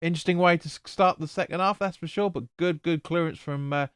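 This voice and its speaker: A man's voice: fairly high pitch, quick pace, fairly bright tone, smooth, no echo, studio quality. A man hosting a live football watch-along, chatting casually, swearing and stumbling over player names. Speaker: fan stream host.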